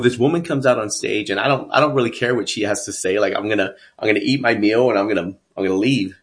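A man from Texas telling his life story as a guest, earnest and emphatic. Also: on the low side. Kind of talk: personal storytelling.

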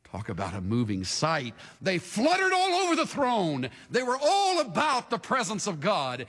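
A male pastor preaching a sermon, swinging between hushed asides and shouts, leading the congregation in a call-and-response. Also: high voice, huge pitch swings, moderate pace, in a large hall.

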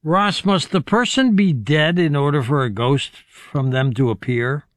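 A man's voice: fairly high pitch, measured pace, no room sound. Curious male host, dry close sound. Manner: brief, curious questions. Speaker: interview host. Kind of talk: asking interview questions.

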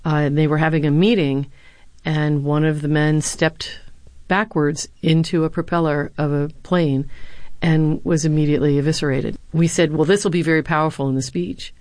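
Low-voiced woman telling stories. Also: normal speed, no room sound. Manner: earnest, animated retelling of anecdotes. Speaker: former presidential speechwriter and professor. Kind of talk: interview answers, storytelling.

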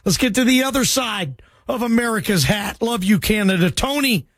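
A man hosting a sports call-in radio show, energetic and jokey with loose banter. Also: high-pitched, moderate pace, dry recording. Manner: energetic, loose, jokey, calls callers bro.

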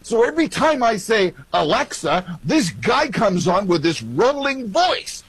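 A man with a high, husky voice, a guest on a radio show. He trips over his words in restarts while joking about his troubles. Loose, chatty talk radio. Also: very animated, a little slow, a bit bright, no echo. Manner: stammering restarts, playful complaints. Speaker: guest host of another show. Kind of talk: casual talk radio banter.

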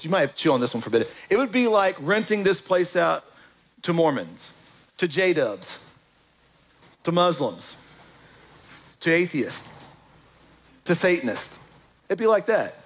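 A man preaching a sermon in a church, lively and joking with the congregation. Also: on the high side, husky. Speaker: pastor.

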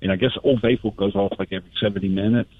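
A man's voice: on the low side, steady tone, racing, slightly rough, no echo. A man calling in to a radio show, telling a story in a chatty way full of fillers. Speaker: caller. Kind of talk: casual chat. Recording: phone line.

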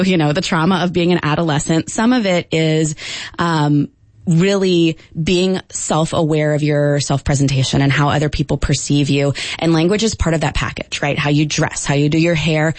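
A woman linguistics professor answering radio interview questions, explaining at a measured pace with frequent ums. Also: sits low, no room sound.

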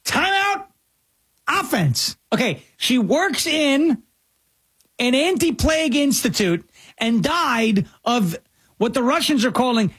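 High-pitched, husky male commentator, sarcastic and incredulous, dry close sound. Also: lively intonation, unhurried, a bit bright, no echo.

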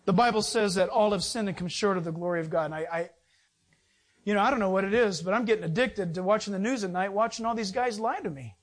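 A man's voice: high-pitched, fast. A man preaching a sermon from the pulpit. He speaks emphatically and conversationally, firing rhetorical questions at his listeners and slipping into joking asides. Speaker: pastor.

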